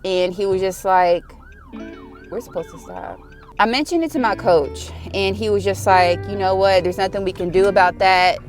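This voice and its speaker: A woman's voice: medium pitch, normal speed, few pauses, soft background music. A young woman, talking to camera in a casual confessional vlog. She chats loosely, with lots of "like" and "y'all", and speaks from the heart about her faith. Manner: chatty, says "y'all" and "like" often, heartfelt and faith-driven. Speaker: vlogger.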